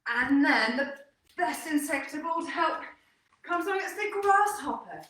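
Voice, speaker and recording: Bright, upbeat woman leading a kids' workout. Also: high voice, measured pace. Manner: upbeat, encouraging, animated. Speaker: kids' fitness instructor. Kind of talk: storytelling workout for children. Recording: echoey room, distant mic.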